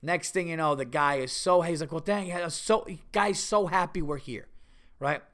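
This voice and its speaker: A man's voice: fairly high pitch, normal speed. A man from New York hosting a podcast, telling a story casually and acting out the voices of people in it. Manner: animated, acts out voices in quotes. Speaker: podcast host.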